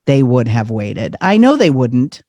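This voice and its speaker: Animated man telling a personal story. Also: mid-range voice, a little slow, dry recording, highs cut off. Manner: animated, acts out voices, laughs often. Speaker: podcast guest. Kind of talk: personal storytelling in casual chat.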